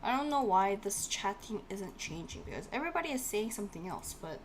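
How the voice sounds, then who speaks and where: Woman, language teacher on a live stream, lively drill repetition, faint background hiss. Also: medium pitch, fairly quick, few pauses. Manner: animated, repeats words for drill, chats with viewers.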